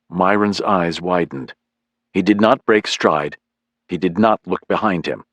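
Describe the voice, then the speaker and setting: A man reading a thriller audiobook in a measured, expressive way. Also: sits low, no room sound, clean studio sound. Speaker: audiobook narrator. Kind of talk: scripted narration.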